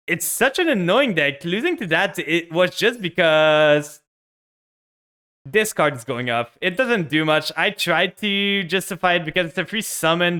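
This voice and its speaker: A man's voice: on the high side, pushed and bright, smooth. A young man streaming a card game, commenting live on his plays and ranting with frustration at his opponent.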